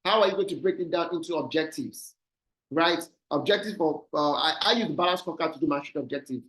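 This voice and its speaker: Nigerian male speaker, rapid business talk, slightly higher voice, video call. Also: a bit bright, low-quality recording. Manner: fast, repeats "right?" as a tag. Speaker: guest speaker. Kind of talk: online business presentation.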